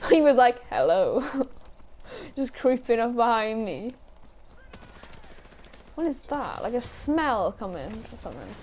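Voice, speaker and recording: A woman's voice: fairly high pitch, a little mellow, a little hiss or hum. A young woman giving casual, sweary commentary while playing a shooter game, laughing often and shrieking now and then. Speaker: gaming YouTuber.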